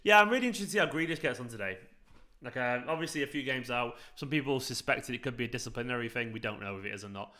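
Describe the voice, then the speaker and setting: A man's voice: medium pitch, very fast, sharp tone. A man hosting a live football watchalong, chatting casually and reacting to the match while answering viewers. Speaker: fan channel host.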